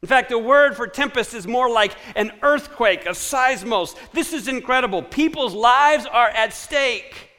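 A man preaching a sermon, posing rhetorical questions and dropping to a hushed tone to repeat a scripture refrain. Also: very high-pitched, animated, measured pace, hardly any pauses. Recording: echoey hall with long reverb.

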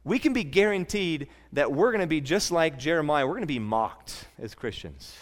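A man's voice: on the high side, very animated, moderate pace, in a large hall. A man preaching a sermon as pastor, earnest and conversational, often repeating words as he restarts a thought.

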